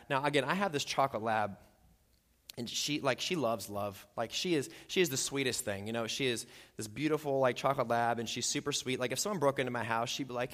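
A man's voice: medium pitch, brisk. Man preaching in a reverberant church. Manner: conversational preaching with animated acted-out quotes. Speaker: pastor. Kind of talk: sermon. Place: church sanctuary. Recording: long hall reverb.

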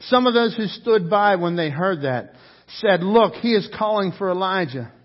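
High-voiced man preaching with passion. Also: lively intonation, moderate pace, lo-fi sound. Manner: passionate preaching, rising and falling in intensity, with repeated words. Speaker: pastor. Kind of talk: sermon.

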